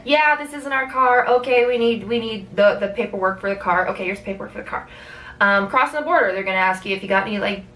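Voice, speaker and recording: A young Canadian woman telling a road-trip story in a casual vlog, animated, swearing freely and acting out what people said. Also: far from the mic, poor audio. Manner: animated, swearing, acts out quotes with big pitch jumps. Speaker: vlogger.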